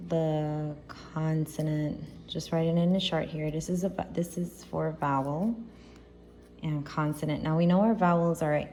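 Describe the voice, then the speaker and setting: A woman teacher giving a recorded grammar lesson, explaining patiently and deliberately and checking in with her students. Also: deep voice, dark tone, a little hiss or hum.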